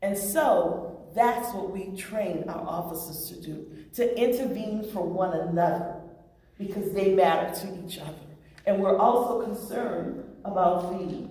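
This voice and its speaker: A woman's voice: medium pitch, a little slow, dark tone. A woman presenting to a public oversight board, telling a story and acting out the quoted voices. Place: large meeting room. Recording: echoey room from far off. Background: strong echo.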